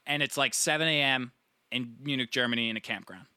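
A man's voice: mid-range voice, brisk, clean tone, no room sound, studio quality. A young man telling a long, profane party story in casual chat, acting out his friends' lines. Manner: rambling, profane, animated storytelling; acts out friends' voices.

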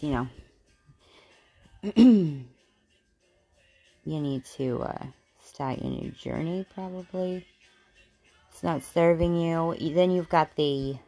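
A low-pitched woman talks slowly through a tarot reading. She curses freely, laughs easily and fills her talk with "um" and "you know." Soft music plays behind her. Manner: profane, laughing, rambling with many fillers. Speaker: tarot reader.

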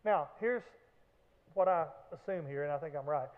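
A man preaching a sermon as pastor, animated, with acted-out shouts and joking asides. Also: on the high side, normal speed. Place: church sanctuary. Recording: echoey hall, phone-like band.

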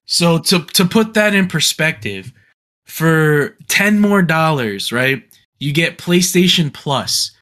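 Blunt, higher-voiced man podcast co-host. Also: expressive, slow, fairly bright tone. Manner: blunt and opinionated, many restarts. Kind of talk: casual gaming podcast chat.

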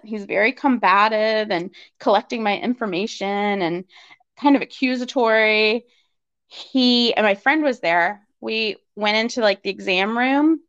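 A woman's voice: mid-range voice, measured pace, a bit bright, clean tone. A woman as a guest, telling a personal story in conversation and acting out quoted dialogue with lots of fillers. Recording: slightly dull lo-fi recording.

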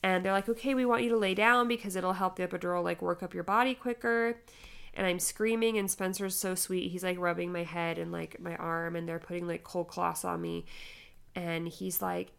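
Animated young woman telling a story. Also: lowish voice, brisk, creaky, clean tone. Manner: animated storytelling, acting out quoted lines in a raised voice. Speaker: podcast co-host. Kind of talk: casual chat.

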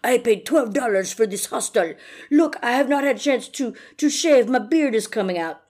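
A woman's voice: fairly high pitch, lively intonation, normal speed, darkish tone, voice pushed up. A woman mocking a blustering male con man in a put-on French accent, melodramatic and threatening. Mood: self-pitying. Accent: mock French.

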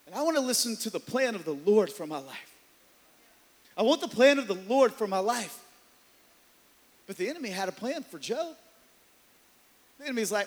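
A man preaching a sermon as pastor, swinging from loud, driven passages to hushed ones. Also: high voice, very animated, moderate pace, long pauses. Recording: long hall reverb.

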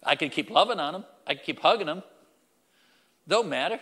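A man's voice: a little high, animated, a little fast, fairly bright tone, long reverb tail. A man preaching a sermon as pastor, emphatic and repetitive, speaking directly to the congregation.

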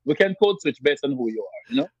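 A man from Jamaica with a strong Jamaican accent, a podcast guest speaking in emphatic, animated conversation and often repeating himself. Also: mid-range voice, fast, husky, no echo, muffled recording. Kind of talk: casual conversation.

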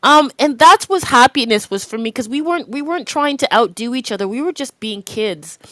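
A woman's voice: sits high, lively intonation, brisk, a bit bright, dry recording. A woman hosting a podcast in casual chat, candid and reflective, laughing easily and often restarting her sentences. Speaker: podcast host.

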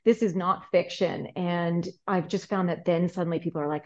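A middle-aged woman speaking as a therapist guest on a podcast, explaining earnestly and growing animated when telling stories. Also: on the low side, moderate pace, hardly any pauses, dull audio. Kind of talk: podcast interview.

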